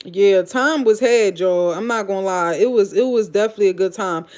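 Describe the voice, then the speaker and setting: A woman's voice: mid-range voice, fairly quick, a little mellow. A woman with a Philadelphia accent hosting a casual livestream, reading comments and telling gossipy stories in a loose, profane, blunt way. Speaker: livestream host.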